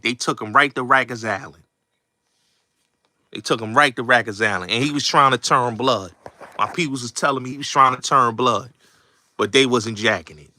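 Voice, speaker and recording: A man's voice: medium pitch, sharp tone, no echo, studio quality. A man hosting a show, delivering a blunt, repetitive, streetwise commentary rant. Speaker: show host.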